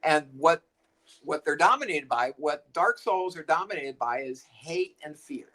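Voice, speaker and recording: A co-host in a casual spiritual chat, speaking haltingly and repeating words. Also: mid-range voice, expressive, a bit bright, rough recording.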